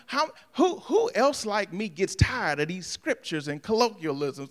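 High, bright-voiced preacher man. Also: animated, a little fast, hardly any pauses. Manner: preaching with swings from soft asides to shouting; humorous, talks to the congregation directly. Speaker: pastor. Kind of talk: sermon.

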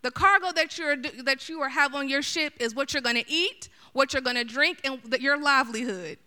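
Woman preacher, middle-aged, sermon, animated and chatty, bright voice, a bit high. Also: normal speed. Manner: animated, chatty, addresses the audience directly.

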